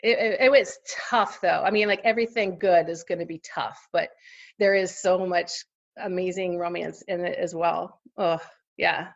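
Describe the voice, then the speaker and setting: A woman's voice: lowish voice, fairly even intonation, moderate pace, gravelly, muffled recording. A woman in her forties, a podcast guest, telling a personal story in casual interview chat with lots of fillers and laughter. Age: 40s.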